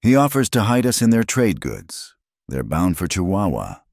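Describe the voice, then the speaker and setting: A steady young Navajo warrior, as a male narrator puts him on, speaking in a calm, measured way. The voice is very deep with a lively rise and fall. The sound is dry and close. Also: gravelly, no echo, heavily acted. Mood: translating.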